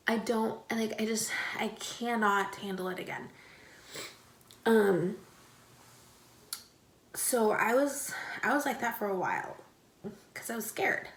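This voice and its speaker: A young woman talks straight to her camera, recounting her own story in a loose, conversational way with plenty of "like" and "um". Her voice sits at a middling pitch. The sound is roomy, with an audible echo off the walls. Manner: chatty, many fillers and "like". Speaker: vlogger. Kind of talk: casual personal storytelling to camera. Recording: echoey room.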